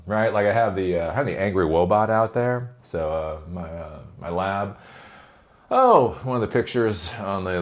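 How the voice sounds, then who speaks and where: A middle-aged man hosting a show, talking casually in his office, digressing often, laughing and swearing as he goes. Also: low voice. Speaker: host. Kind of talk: casual rambling monologue.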